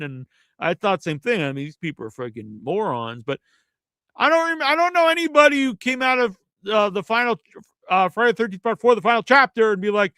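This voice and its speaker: A man's voice: very high-pitched, lively intonation, brisk, bright, forceful tone, smooth, no echo. A man hosting a podcast, ranting in a casual, rambling and profane way. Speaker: podcast host. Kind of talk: casual rant.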